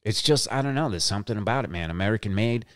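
A man's voice: lowish voice, lively intonation, quick pace, a bit bright, no room sound, studio quality. A middle-aged man hosting a show, talking in a brash, swaggering, profane monologue and repeating lines for emphasis. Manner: brash, swaggering, heavy cursing. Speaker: podcast host.

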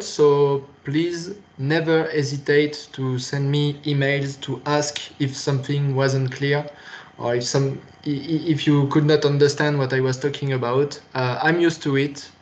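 A man's voice: mid-range voice, flat delivery, unhurried, a little hiss or hum. A man with a French accent, a native French speaker, giving a recorded university lecture in a hesitant, patient way with many fillers and restarts.

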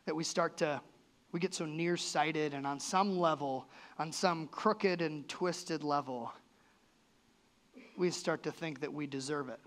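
A man's voice: on the high side, measured pace, fairly bright tone. A male pastor giving a sermon in a church, earnest and conversational, his voice rising and falling sharply. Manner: earnest, conversational preaching with sudden lifts and drops in voice.

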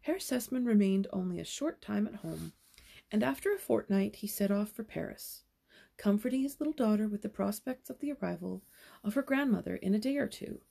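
A woman's voice: mid-range voice, lively intonation, a little fast, creaky, dark tone. A young woman reading a children's novel aloud as a storyteller, with casual asides between passages.

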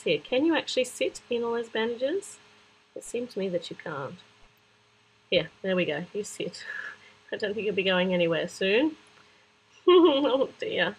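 A woman's voice: mid-range voice, slightly rough, rough recording. Chatty woman narrating a kids' app. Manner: chatty, talking to toy figures, sudden excited squeals, sound-effect words. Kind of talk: playful playthrough narration for children.

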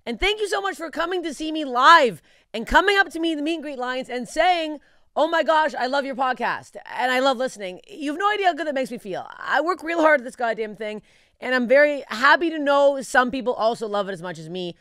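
A woman's voice: sits high, animated, fairly quick, pushed and bright, no echo, studio quality. A woman hosting a comedy podcast, brash and profane, laughing often in casual chat. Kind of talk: casual chat and tour ad read.

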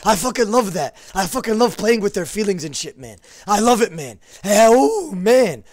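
A man's voice: sits high, expressive, normal speed, a little mellow, dry recording. A man streaming a game, talking casually with lots of swearing, trash talk and repeated phrases. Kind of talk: casual live gameplay commentary.

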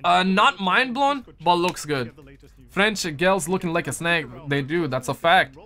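A man chatting freely to his live-stream viewers, loose and full of slang. He talks into a headset mic, and his voice sits a bit higher than the usual male range. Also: expressive, measured pace, sharp tone. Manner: slangy, loose, answers chat messages. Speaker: gaming streamer. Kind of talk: casual live-stream chat.

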